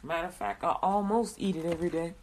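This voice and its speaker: A woman's voice: fairly low pitch, fairly even intonation, heavy background noise. Chatty woman radio host. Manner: chatty, laughs often, drawn-out prayer phrases. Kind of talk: casual Christian radio talk with prayer.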